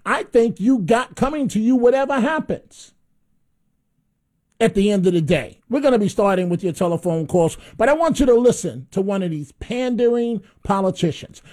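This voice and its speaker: A man's voice: high-pitched, animated, normal speed, a little mellow. A man hosting a talk radio show, blunt and mocking, often repeating himself as he takes calls.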